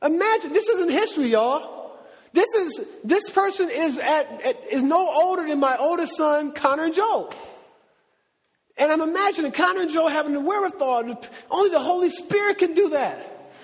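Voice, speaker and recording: A middle-aged man preaching a sermon in a lively, conversational way with slang. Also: very high voice, normal speed. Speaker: pastor. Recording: long reverb of a large hall.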